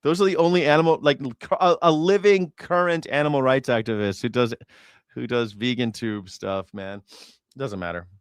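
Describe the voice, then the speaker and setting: A man's voice: mid-range voice, moderate pace, clean tone, no echo, studio quality. A man hosting a live news reaction show, talking casually in a rambling, profane way and correcting himself as he goes.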